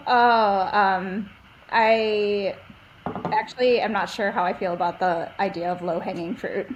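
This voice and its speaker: A woman with a mid-range voice talks as a podcast guest from an agency. She thinks out loud, with frequent ums and you-knows, over a faint room hum. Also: medium pitch, steady tone, measured pace, muffled recording. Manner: thoughtful, many fillers. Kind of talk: casual podcast interview.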